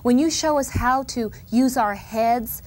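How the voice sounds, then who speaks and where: A woman's voice: on the high side, unhurried, a little mellow. A woman hosting a show, delivering a playful comic monologue that speaks for children to their parents, with sarcastic quips and asides. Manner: quips with asides and short laughs. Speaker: TV show host. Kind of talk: comic monologue spoken to the camera.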